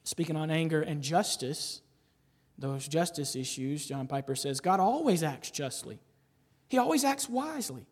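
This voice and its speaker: A man preaching a sermon as pastor, asking the congregation rhetorical questions and tagging them with "right?", moving between loud emphasis and quiet asides. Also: fairly high pitch, expressive, moderate pace, breathy edge, big-room sound.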